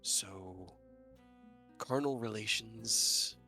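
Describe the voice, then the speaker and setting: A man voicing an ancient, worldly shadow elf in a tabletop game, speaking flat and emotionless. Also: mid-range voice, takes it slowly, faint music behind. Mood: deadpan. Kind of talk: role-playing in a tabletop game.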